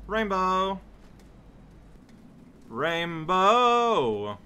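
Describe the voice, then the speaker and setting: A man giving casual gameplay commentary, muttering to himself and bursting into exasperated shouts. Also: a little high, sing-song, takes it slowly. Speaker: let's play commentator.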